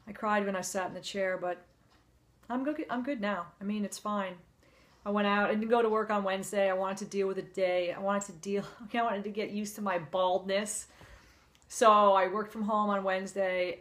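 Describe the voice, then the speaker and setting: Woman vlogging, candid and heartfelt, chatty, um's and you know's, mid pitch. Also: fairly bright tone. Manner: conversational and heartfelt, with frequent fillers. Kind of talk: candid personal storytelling to camera.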